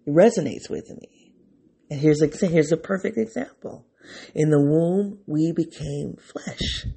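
Husky gravelly man musing aloud. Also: fairly high pitch, unhurried, mellow. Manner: rambling, restarts thoughts, openly emotional. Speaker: vlogger speaking to his viewers. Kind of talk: unscripted reflective monologue.

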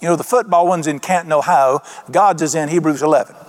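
A man preaching a sermon in a folksy, conversational way, slowing down for emphasis. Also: on the high side. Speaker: pastor.

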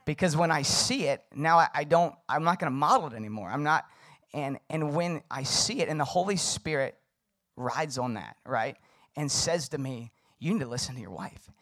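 Young male pastor, casual conversational sermon, relaxed and filler-heavy. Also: a little high, moderate pace.

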